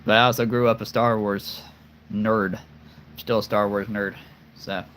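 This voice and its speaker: A man's voice: fairly low pitch, level tone, unhurried, a bit bright, a little hiss or hum. A man chatting casually to camera about the voices he can do, playful, rambling and self-deprecating. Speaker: voice performer showing off voices.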